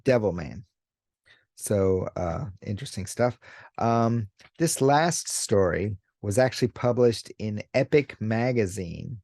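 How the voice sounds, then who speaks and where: A man talks through comics in a laid-back commentary, taking his time with plenty of ums and you-knows. His voice is low and mellow. The sound is dry and close, with no room around it. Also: dry recording. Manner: relaxed and unhurried, with many fillers, acting out characters' lines in a raised voice. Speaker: YouTube host discussing manga. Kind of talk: casual commentary.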